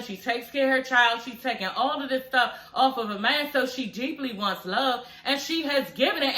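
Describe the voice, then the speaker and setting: Blunt, laughing woman in an echoey room. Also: on the high side. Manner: blunt, profane, animated and laughing, with repeated "you know what I'm saying". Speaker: reality TV recap host. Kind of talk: casual reaction commentary.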